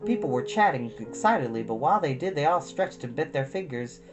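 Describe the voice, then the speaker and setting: Low-voiced woman reading a storybook. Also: a little fast. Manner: expressive, addresses young listeners. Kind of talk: reading a children's book aloud. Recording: guitar music behind.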